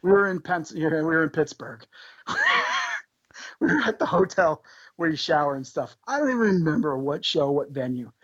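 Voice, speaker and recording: A man, a podcast guest, telling tour stories in an animated, swearing, laughing way. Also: fairly high pitch, normal speed, dry recording, highs cut off. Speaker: podcast guest, band member. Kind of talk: casual storytelling.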